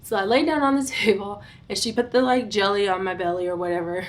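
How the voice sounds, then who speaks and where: A young adult woman vlogger telling a storytime, recounting events in an animated, dramatic way with bursts of giggling. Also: medium pitch, fast. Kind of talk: storytime vlog.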